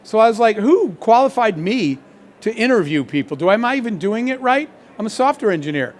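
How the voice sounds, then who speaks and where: A middle-aged man, a company founder, telling an animated leadership anecdote with quoted dialogue to an audience. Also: high-pitched, brisk. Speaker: founder and CEO giving a masterclass. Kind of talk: storytelling keynote talk.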